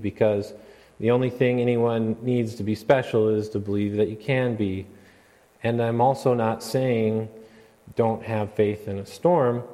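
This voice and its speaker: A man preaching a sermon in an earnest way, at times rising into a loud, dramatic retelling. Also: mid-range voice. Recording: long hall reverb.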